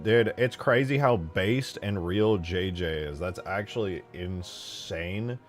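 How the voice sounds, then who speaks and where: Young man, livestream host, very low voice, rambling, joking, swearing, faint background music. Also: slow. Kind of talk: casual livestream chat.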